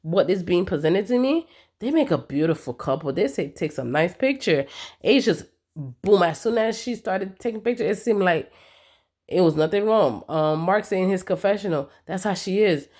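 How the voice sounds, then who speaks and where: A woman's voice: fairly low pitch, expressive, brisk, darkish tone. A woman giving a casual, emphatic, slangy recap of a reality TV episode, talking straight to her viewers. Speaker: TV recap vlogger.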